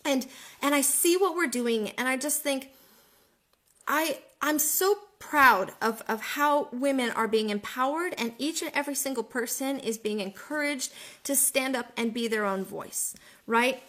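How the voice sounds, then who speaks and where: A woman with a slightly high voice speaks in an excitable, motivational tone on a live video. She often stumbles, repeats herself and restarts her sentences as she talks. Her words come out in a rush. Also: a little slow. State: out in the freezing cold. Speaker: online business mentor.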